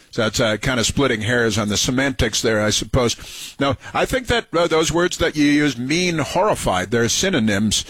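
A man's voice: medium pitch, expressive, moderate pace, fairly bright tone, husky, no echo. A man hosting a radio talk show, giving sarcastic political commentary, mocking and repeating phrases for emphasis. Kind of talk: political commentary over played clips.

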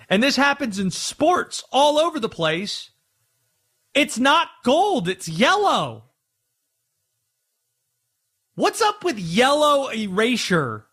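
Sports radio host, man, higher voice, swooping lively delivery, playful rants. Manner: animated, playful ranting.

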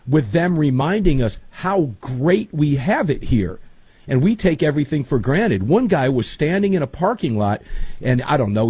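Man host, folksy chat, husky voice with lively pitch. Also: dry recording. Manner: folksy, animated storytelling. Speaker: show host. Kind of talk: casual talk show banter.

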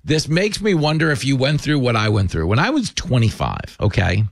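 A man's voice: mid-range voice, sing-song, normal speed, vocal fry, no room sound. A man hosting a studio show, with jokey, self-mocking banter. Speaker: show host. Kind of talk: casual joking interview. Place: radio studio.

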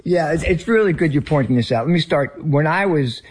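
A man's voice: fairly high pitch, animated, brisk, darkish tone, husky. A man with a Northern US accent, a ministry leader and guest, telling an earnest story in conversation. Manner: earnest anecdotal, some restarts.

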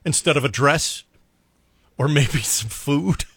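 A man co-hosting a casual talk show, chiming in with quick, laughing remarks. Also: a little high, fairly bright tone, husky, no echo, clean studio sound. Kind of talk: casual chat.

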